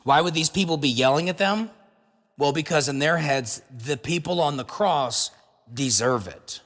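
A man's voice: fairly high pitch, expressive, normal speed, fairly bright tone, long reverb tail. A pastor preaching a sermon in an earnest, conversational way, asking his listeners rhetorical questions.

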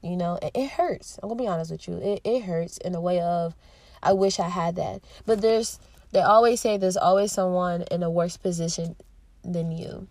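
A woman in her thirties hosting a podcast, talking alone in an earnest, heartfelt way with pauses and restarts. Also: fairly low pitch, darkish tone, no room sound. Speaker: podcast host. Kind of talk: reflective solo monologue.

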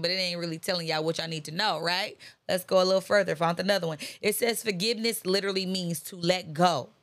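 A woman's voice: medium pitch, fairly bright tone, dry recording. A woman giving an impassioned motivational talk, repeating phrases in a preacher-like, conversational way with casual slang. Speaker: motivational speaker.

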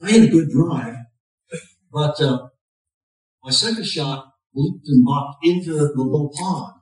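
A man's voice: fairly high pitch, unhurried, a little mellow. A man preaching a sermon, telling stories with folksy, self-mocking humor and pushing up his voice on the punch lines. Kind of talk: sermon with storytelling. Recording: very echoey, from a distant mic.

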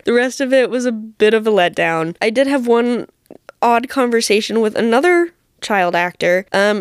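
A woman's voice: fairly high pitch, dry recording. Young woman, podcast host, casual storytelling, self-deprecating, giggly, dry recording. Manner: chatty, self-deprecating, laughs often.

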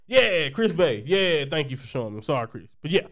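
A man's voice: on the high side, very animated, brisk, fairly bright tone. A man co-hosting a podcast in casual chat, rambling and joking, laughing often. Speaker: podcast co-host.

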